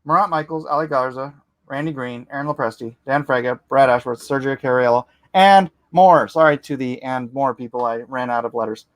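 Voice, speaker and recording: Excitable man pitching on a livestream. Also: dry recording. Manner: excitable, rapid-fire, enthusiastic; rambling with frequent self-corrections. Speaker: comic artist hosting his own livestream. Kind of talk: casual livestream sales pitch.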